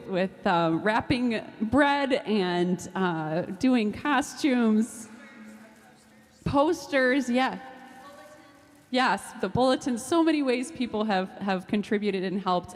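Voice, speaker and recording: A woman speaking to an audience at a church event, thanking helpers in a halting way with many fillers. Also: mid-range voice. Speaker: choir co-director. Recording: echoey hall from a distance, faint crowd and noise.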